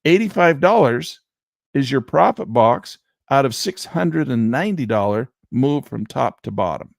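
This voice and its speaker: A man's voice: mid-range voice, expressive, measured pace, gravelly, no echo, clean studio sound. A man teaching chart trading on a screen share, talking emphatically with rhetorical asides. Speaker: trading instructor.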